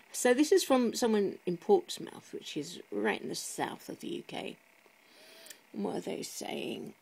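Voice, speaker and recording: A woman's voice: lowish voice, vocal fry, low-quality recording. A woman vlogger giving sarcastic, mock-pious commentary as she reads product reviews aloud, chatty and full of asides.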